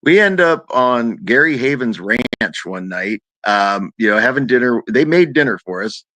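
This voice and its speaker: A man in casual conversation tells a rambling story at a middle pitch. He gets animated and jumps higher when he quotes other people. The sound is dry and close, with no room around it. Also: normal speed, no echo.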